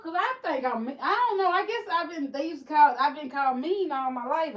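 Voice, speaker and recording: A woman's voice: high-pitched, expressive, brisk, few pauses, low-quality recording. A woman hosting a livestream for her beauty business, talking candidly in a rambling way with many restarts. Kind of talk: casual livestream chat.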